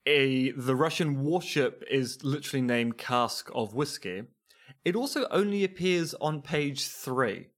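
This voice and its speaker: A man's voice: medium pitch, lively intonation, measured pace, a bit bright. A man co-hosting a podcast, explaining things in a wry, casual way. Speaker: podcast co-host. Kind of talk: casual chat.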